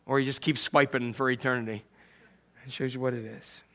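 A man preaching a sermon as pastor, swinging from loud, acted-out quotes to soft, hushed asides. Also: mid-range voice, little pitch movement, fairly quick.

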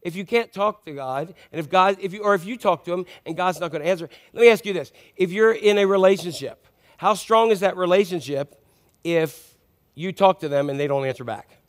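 A man's voice: high-pitched, fairly quick. A male pastor delivering a conversational sermon and often asking the congregation questions.

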